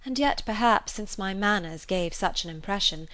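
A woman reading aloud, voicing a lively, proud young gentlewoman heroine, raising her voice for the part. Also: medium pitch, moderate pace, lightly acted. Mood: earnest.

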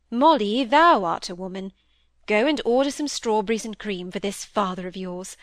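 A woman reading aloud, voicing a kindly, genteel lady of the manor with a gentle, coaxing manner. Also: mid-range voice, no room sound, natural voice. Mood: playful.

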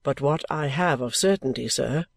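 A man's voice: medium pitch, normal speed, gravelly, dry recording, pitched below the performer's own voice. A man reading the part of a proud, stubborn young man in an audiobook, speaking in a defensive, clipped way. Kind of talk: audiobook reading of a classic novel.

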